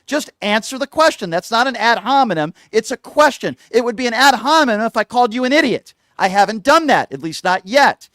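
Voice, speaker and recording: High-pitched guy hosting a call-in show, badgering and name-calling, dry close sound. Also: sing-song, a little fast, few pauses, fairly bright tone, dry recording. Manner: hectoring, insulting, repeats questions. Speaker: talk show host. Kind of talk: heated call-in argument.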